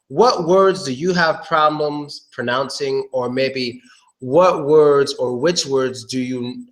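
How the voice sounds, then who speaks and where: A man teaching English pronunciation in a casual live online lesson. He talks in a loose, chatty way, repeats words and often clears his throat. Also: medium pitch, fairly bright tone, poor audio.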